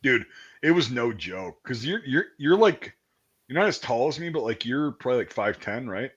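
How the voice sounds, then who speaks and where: A man in his thirties hosting a casual chat, telling army stories with lots of swearing and laughter, and acting out shouted quotes. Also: mid-range voice, sing-song, normal speed, slightly rough. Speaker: podcast host. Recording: dull lo-fi stream audio.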